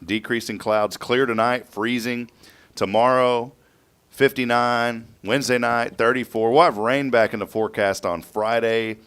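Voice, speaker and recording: A man's voice: medium pitch, fairly even intonation, unhurried, fairly bright tone, smooth. A man hosting a morning radio show, chatting in a jokey, upbeat way, teasing his guests and giving the weather. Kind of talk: casual morning radio chat.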